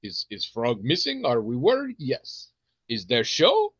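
Man doing an old diner owner, broken English, comforting pep talk, halting self-answered questions, jumpy pitch. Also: huge pitch swings, fairly bright tone, husky, dry recording, highs cut off, exaggerated voice. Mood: earnest.

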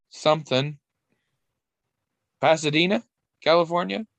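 A man's voice: fairly high pitch, slow pace, vocal fry, fairly bright tone, dry recording, muffled recording. A man talking in casual podcast chat, rambling and wry, with frequent restarts and casual swearing.

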